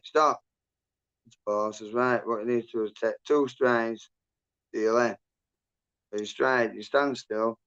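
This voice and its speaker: A man's voice: medium pitch, clean tone, dull audio. A man hosting a livestream, telling a rambling story in casual chat, swearing constantly and laughing as he goes. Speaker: livestream host.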